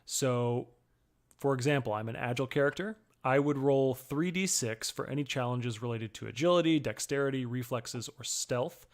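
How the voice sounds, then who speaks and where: A man's voice: medium pitch, normal speed. A man co-hosting a casual chat, explaining the rules of a tabletop game step by step with examples. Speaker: co-host and player.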